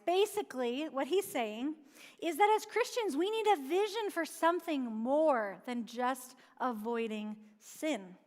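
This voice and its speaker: A woman preaching a sermon in a church, earnestly asking questions and answering them herself. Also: high-pitched. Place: church sanctuary. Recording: long church-hall reverb.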